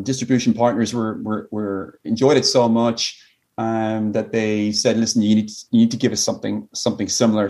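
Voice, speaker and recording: A man's voice: on the low side, darkish tone. An Irish man who owns a whiskey company, chatting in a rambling way full of fillers and restarts. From Ireland. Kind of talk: casual chat.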